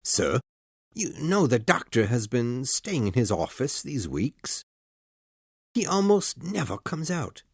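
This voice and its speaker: A woman voicing a frightened, loyal male butler in an audiobook, in a halting, lowered voice. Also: sing-song, breathy edge, no echo, studio quality, full character voice. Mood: afraid. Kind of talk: audiobook character voice.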